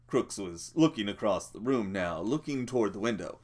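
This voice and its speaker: A man reading an audiobook as narrator in a steady, measured way. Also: lowish voice.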